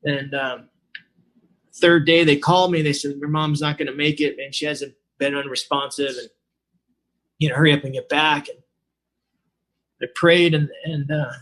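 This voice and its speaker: A man's voice: fairly high pitch, fairly even intonation, normal speed, long pauses, a bit bright. A man in his forties telling his own recovery story at an online meeting, casual and rambling with many fillers and restarts. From Southern California. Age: 40s. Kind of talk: personal recovery talk.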